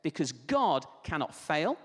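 A man's voice: on the high side, big pitch swings, measured pace, slightly rough, long reverb tail. A man preaching a sermon, telling a personal testimony in a conversational, storytelling way with asides.

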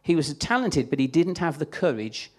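A man's voice: on the high side, big pitch swings, moderate pace, a little mellow. A man preaching a sermon in a chatty, conversational way, acting out the voices he quotes.

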